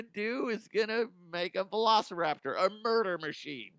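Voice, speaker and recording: A man's voice: moderate pace, few pauses, clear, resonant tone, dry recording. Joking man with a dry, close sound. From Colorado, USA. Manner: animated, joking, swings into silly high voices. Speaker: podcast host. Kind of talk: comedic news commentary.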